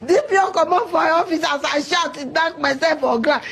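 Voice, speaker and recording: A woman with a Nigerian Pidgin accent recounting an ordeal, her voice breaking into cries and shouts. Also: high-pitched, a little fast, gravelly. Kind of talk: emotional storytelling in Pidgin.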